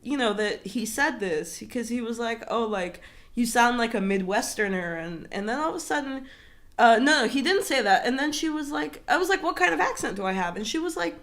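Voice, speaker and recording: Lively young woman, British-American accent. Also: fairly high pitch, fairly quick. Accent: mix of British and American English. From Iran. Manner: animated storytelling, swears freely. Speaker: podcast co-host. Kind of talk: casual chat.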